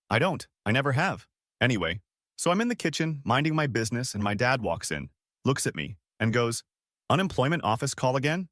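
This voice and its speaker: Man in his 20s, casual slangy story narration, lively pitch, dry close sound. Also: no echo. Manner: casual, slangy, spelled-out abbreviations. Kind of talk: first-person story narration.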